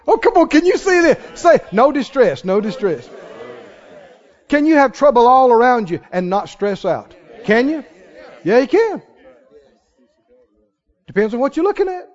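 A man preaching in a high, animated voice that leaps up and plunges down as he drives his points home. He keeps calling on the congregation to answer back. The recording is somewhat dull and carries the long reverb of a big sanctuary. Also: moderate pace, pauses often. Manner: emphatic preaching, calls for audience response. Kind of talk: sermon. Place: church sanctuary. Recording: dull sound in a large reverberant hall.

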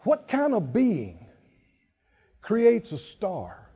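Male preacher, slow and mellow, quick to laugh, sermon recorded dull in a reverberant hall. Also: high-pitched, wildly swooping pitch, breathy edge. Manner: conversational, laughs often, asks the congregation questions. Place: church or conference hall.

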